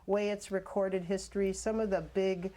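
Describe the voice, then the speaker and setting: A woman's voice: medium pitch, flat delivery, moderate pace, warm tone. Woman interviewer asking hesitant questions. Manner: hesitant, filler-laden questions. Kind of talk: oral history interview.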